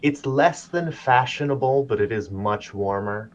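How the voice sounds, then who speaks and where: A man's voice: medium pitch, a little slow, muffled recording, slight background noise. A man explaining hesitantly as a player at a tabletop game.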